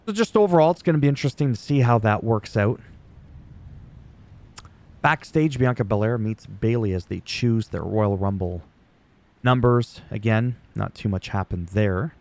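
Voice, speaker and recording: A man's voice: lowish voice, unhurried, a little mellow. A middle-aged man hosting a casual wrestling recap, rambling and chatty, joking at his own expense. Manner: rambling, chatty, laughs at himself.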